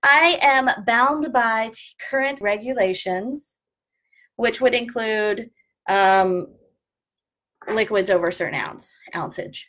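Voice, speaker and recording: A woman's voice: fairly high pitch, slow pace, a bit bright. A woman, a former flight attendant chatting casually through an unboxing review and sharing travel tips. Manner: chatty, jokey, explains tips.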